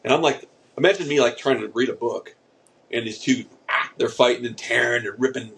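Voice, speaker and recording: A man co-hosting a podcast in casual chat, telling rambling stories with deadpan asides. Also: medium pitch, a little fast, vocal fry, rough recording. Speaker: podcast co-host.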